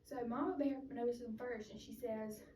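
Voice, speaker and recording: A woman's voice: a little high, steady tone, moderate pace, warm tone. Young woman casually retelling a children's tale. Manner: chatty, loose retelling full of "so" and "like". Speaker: student giving a speech. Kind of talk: casual storytelling speech. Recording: roomy, distant mic with faint noise.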